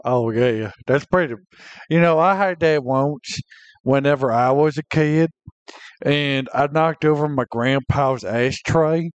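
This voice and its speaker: A man hosting a comedy podcast, answering in a deadpan way with naive questions. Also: a little high, takes it slowly, clear, resonant tone, no echo, lo-fi sound. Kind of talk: casual podcast banter.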